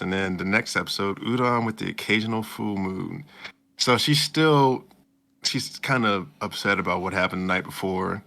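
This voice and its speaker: Podcast co-host, man, gravelly low voice, bright edge, rambling recap. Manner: rambling, acts out quotes in a high voice. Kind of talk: casual anime recap chat.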